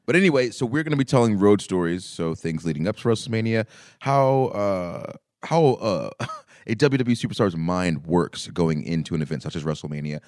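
A man co-hosting a casual podcast, playful and quick to tease and laugh. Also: deep voice, a little mellow, no echo, clean studio sound. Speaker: podcast co-host. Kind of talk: casual chat.

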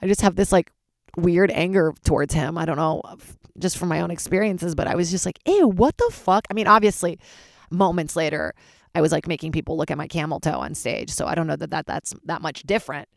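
A woman stand-up comedian hosting her own podcast, rambling and swearing in casual chat, jumping into sudden high excited voices. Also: fairly quick, creaky, no room sound, clean studio sound.

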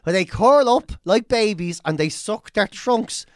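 A woman's voice: mid-range voice, animated, measured pace, no echo, studio quality. A woman co-hosting a podcast, swearing freely and riffing blunt comic rants in casual chat. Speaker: podcast co-host.

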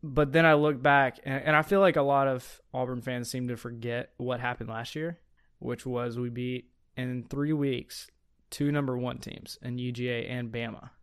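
A man hosts a casual sports podcast with a smooth, resonant voice. He talks in quick bursts, full of fillers and restarts, over a dry, close mic. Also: medium pitch, level tone, a bit bright, dry recording. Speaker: podcast host.

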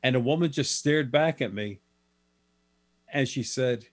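A man's voice: mid-range voice, unhurried, long pauses. A man who is an author telling stories as a guest in an interview, plain and matter-of-fact, with some restarts. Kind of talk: storytelling in a radio interview.

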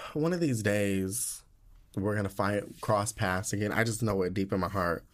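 A young man hosting his own podcast in casual solo chat, sassy and dramatic, talking loosely and jumping into high squeals when he gets emotional. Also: measured pace. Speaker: podcast host.

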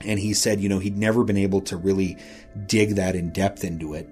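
A podcast host from Wyoming tells a ghost story in an easy, conversational way, going through the account piece by piece. His voice sits a little low, and soft music plays quietly under his words. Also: steady tone, a little fast. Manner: earnest, retelling secondhand accounts step by step. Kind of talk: casual ghost-story telling.

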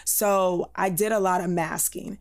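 A young woman co-hosting a podcast, chatting casually and telling a lively story with an animated, candid delivery. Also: unhurried. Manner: animated storyteller, laughs, switches into a put-on high voice. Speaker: podcast co-host.

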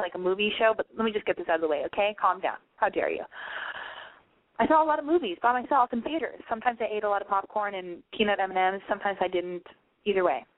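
A woman's voice: medium pitch, no echo. Young woman host rambling and swearing, lots of "like", sounds like an old phone line. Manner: chatty, swears a lot, many likes. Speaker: call-in show host. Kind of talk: casual chat, profane and rambling. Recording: dry tinny phone-like sound.

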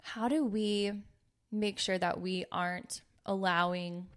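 A woman's voice: mid-range voice, fairly even intonation, slow pace, clear, resonant tone. A woman in her thirties hosting a casual faith podcast, earnest and playful, sometimes reading scripture aloud. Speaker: podcast host.

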